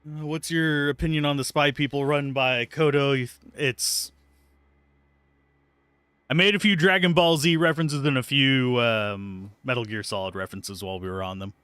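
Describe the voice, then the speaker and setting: Streaming a game from his desk at home, a man gives easygoing, wandering commentary and curses now and then in annoyance. He speaks at normal speed with fairly even intonation, in a smooth, medium-pitched voice that's a bit bright. The recording is dry, close-miked on earbuds at a PC.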